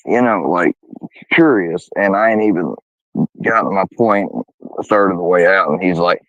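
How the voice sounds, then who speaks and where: A man with a lowish voice tells a story in casual talk, swearing freely and getting heated. The sound is dull and lo-fi, dry and close. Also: brisk, no echo. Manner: profane, heated, quotes others in a raised voice. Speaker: guest telling a story.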